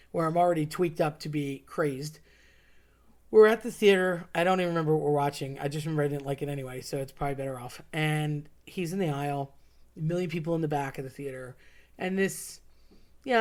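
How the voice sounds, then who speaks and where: A storyteller telling a personal anecdote in an animated, sarcastic way, with emphatic, indignant bursts. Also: mid-range voice. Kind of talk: personal anecdote, told live.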